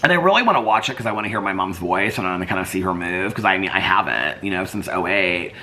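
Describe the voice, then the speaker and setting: A man's voice: deep voice, expressive, fast, sharp tone, slight background noise. A man vlogging in casual chat, rambling and filling his talk with "like". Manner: rambling, heavy use of "like".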